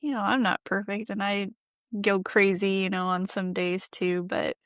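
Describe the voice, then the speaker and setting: A woman's voice: mid-range voice, level tone, moderate pace, fairly bright tone, clean tone, dry recording, clean studio sound. A woman guest on a podcast, telling her story in an earnest, reflective way and laughing often. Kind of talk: candid conversational storytelling.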